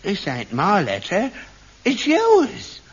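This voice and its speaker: An actor playing a selfish, scornful older working-class father, speaking slowly in a gravelly, scoffing way in a sitcom. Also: sits high, animated, sharp tone, exaggerated voice. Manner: slow gravelly scoffing delivery. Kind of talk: 1960s-70s TV sitcom acting. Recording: dull old TV recording, faint hiss.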